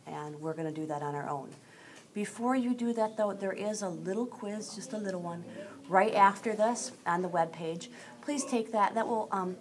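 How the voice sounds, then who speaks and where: A woman's voice: fairly low pitch, a little hiss or hum. A woman teacher giving a recorded lesson, explaining step by step and speaking straight to her students.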